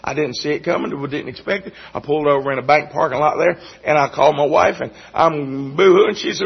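A man giving a sermon testimony in a halting, folksy way, often repeating his words. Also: on the high side, lively intonation, gravelly, breathy edge. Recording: dull lo-fi recording.

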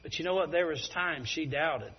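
Husky preacher, lo-fi. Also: male voice, fairly high pitch, normal speed. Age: middle-aged. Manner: folksy storytelling. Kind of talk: sermon. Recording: dull lo-fi recording.

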